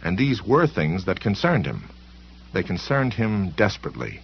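A man reading a novel aloud as a narrator, in a measured, expressive way. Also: lowish voice, vocal fry, a little hiss or hum. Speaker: audiobook narrator. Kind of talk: scripted narration. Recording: dull lo-fi recording.

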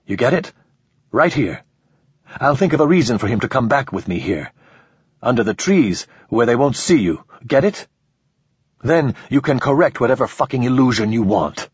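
A man's voice: medium pitch, very animated, normal speed, breathy edge, dry recording, pitched above the performer's own voice. Man playing a desperate, angry cornered man. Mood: urgent, desperate. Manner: urgent, pleading and angry. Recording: slightly dull lo-fi recording.

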